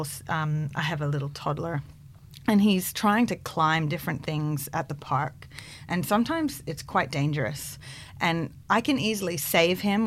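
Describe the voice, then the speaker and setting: Animated woman psychologist, lowish voice. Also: slight background noise. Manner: animated, acts out quotes in bright voices. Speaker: clinical psychologist, guest. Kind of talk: radio interview.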